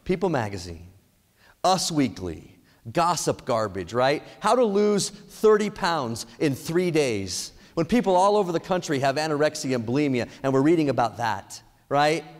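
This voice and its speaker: A man giving an energetic motivational speech on ethics, asking the audience many questions. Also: on the high side, moderate pace. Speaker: speaker at an ethics event. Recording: echoey hall reverb.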